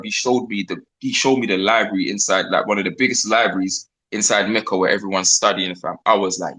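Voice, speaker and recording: A man's voice: lowish voice, fairly bright tone. A man with a London accent, a grime MC telling stories in a casual interview, slangy and quoting conversations. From England. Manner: slangy, quick, retells talks in quoted bits. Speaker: grime MC guest.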